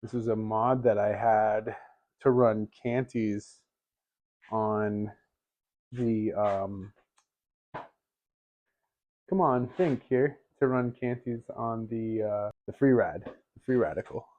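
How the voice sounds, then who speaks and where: A man's voice: fairly low pitch, slow, long pauses, muffled recording, a little hiss or hum. A man talking casually about his bikes in a home garage vlog, rambling and laughing often. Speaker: bike vlogger.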